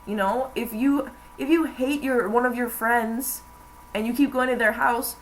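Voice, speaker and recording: A woman's voice: fairly high pitch, moderate pace, a little hiss or hum, low-quality recording. A young woman in college, chatting casually to camera in a rambling way with many fillers. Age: young adult. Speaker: vlogger. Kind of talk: casual chat.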